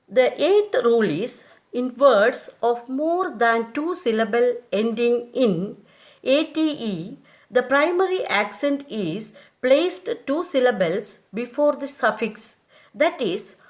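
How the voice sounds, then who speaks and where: A woman's voice: fairly high pitch, expressive, slow. A woman teacher with an Indian English accent, reading out rules and word lists and spelling letters one by one. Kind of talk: slow dictated lesson.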